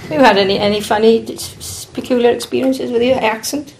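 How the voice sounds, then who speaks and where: A woman's voice: on the high side, steady tone, fast, creaky, noisy background. A woman interviewing a small group, asking probing questions and often restarting them mid-sentence.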